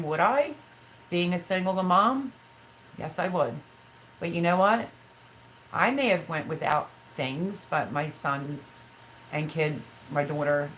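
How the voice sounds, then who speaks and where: A woman's voice: low voice, fairly bright tone, slight background noise, poor audio. A middle-aged woman hosting a casual live stream, talking candidly and emotionally in a rambling way while reading viewer comments. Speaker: livestream host.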